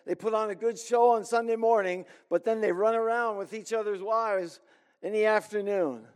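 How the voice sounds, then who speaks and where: A man preaching a sermon as pastor, earnest and emphatic with deliberate pauses. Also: sits high, fairly even intonation, clean tone. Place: church sanctuary. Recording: long hall reverb.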